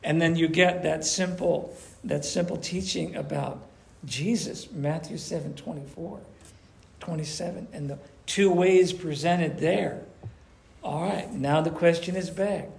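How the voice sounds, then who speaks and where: A man preaching to his congregation in a relaxed, chatty way, with a slightly raised, gravelly voice. He breaks into quick acted voices to make his points. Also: fairly high pitch. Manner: animated, conversational, acts out voices. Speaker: pastor. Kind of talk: sermon. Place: church.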